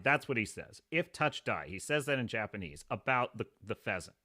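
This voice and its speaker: A man's voice: on the low side, normal speed, few pauses. A man hosting a live review, casually retelling episodes and acting out the characters' lines. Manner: animated storytelling, acts out characters' lines. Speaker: host.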